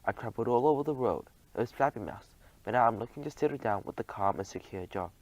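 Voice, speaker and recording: Eager young french mouse butler in a storybook, chatty and sure of himself, mid-pitched guy voice, as a man puts him on. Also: animated, quick pace, darkish tone, no echo, low-quality recording.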